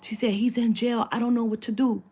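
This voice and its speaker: A woman's voice: fairly high pitch, little pitch movement, brisk, mellow, a little hiss or hum. A woman telling a long story in casual talk, acting out the quoted dialogue, swearing freely and dropping into whispers. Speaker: spiritual reader telling a client story.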